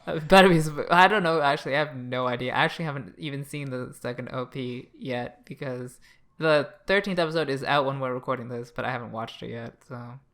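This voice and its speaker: A man from Canada co-hosts a casual podcast chat with a bright, forward voice. He is blunt and sarcastic and swears freely as he gives his opinions. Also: medium pitch, brisk. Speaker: podcast co-host.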